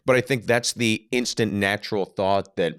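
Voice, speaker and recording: A man's voice: on the low side, normal speed, smooth, dry recording. A man in his forties co-hosting a podcast, talking in a dry, teasing way and acting out quotes. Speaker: podcast co-host. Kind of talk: casual comedic banter.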